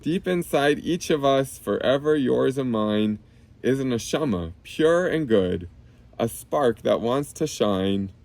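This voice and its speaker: A man reading a children's book aloud outdoors on a clip-on mic, gently explaining each term simply for kids. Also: mid-range voice, expressive, takes it slowly, vocal fry. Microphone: clip-on lapel mic.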